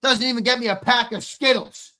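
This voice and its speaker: Young male stream co-host, bright edgy voice, slightly strained, brash and teasing, swears freely. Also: extremely high pitch, fairly even intonation, brisk. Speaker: live show co-host reading chat. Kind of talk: casual live-stream chat.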